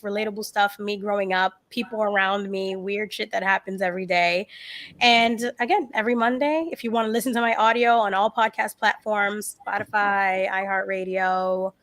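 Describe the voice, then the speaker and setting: A woman guest on a podcast telling stories in a casual, animated way, laughing often and acting out what people said. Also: mid-range voice. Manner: animated, laughing, quick to act out quotes. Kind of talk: casual interview storytelling.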